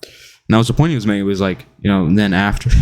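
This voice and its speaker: A young man giving casual self-improvement advice in an animated, jokey way, acting out quotes. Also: lowish voice. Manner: animated, jokey, laughs at his own stories, acts out quotes. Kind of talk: casual talking-head advice video.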